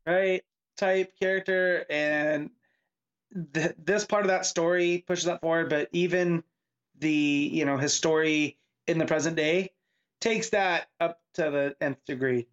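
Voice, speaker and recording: High-voiced man on a dull mic. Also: steady tone, measured pace, clear, resonant tone. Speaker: comic book podcast co-host. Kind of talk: casual chat.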